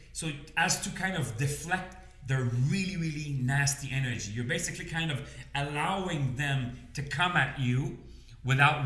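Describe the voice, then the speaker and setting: A man's voice: on the high side, a bit bright, echoey room. A man coaching business owners in a casual, conversational way, often checking in with his listeners. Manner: conversational, repeats phrases, checks in with "okay?" and "you understand?". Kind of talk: casual advice talk to camera.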